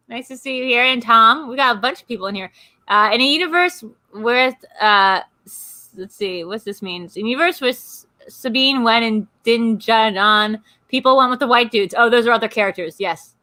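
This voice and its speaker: A woman hosting a live stream, chatting casually and ranting in quick asides. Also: fairly high pitch, expressive, bright, forceful tone. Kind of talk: casual chat.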